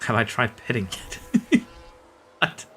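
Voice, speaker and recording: A man's voice: medium pitch, steady tone, slow pace, pushed and bright, a little hiss or hum. A Norwegian man, a streamer, chatting casually with his live audience while playing, answering chat and chuckling often. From Norway.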